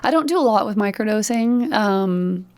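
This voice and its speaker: A woman's voice: mid-range voice, normal speed. A woman, a podcast guest, telling personal stories in a casual interview and acting out the dialogue. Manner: lively storytelling, acts out quoted dialogue.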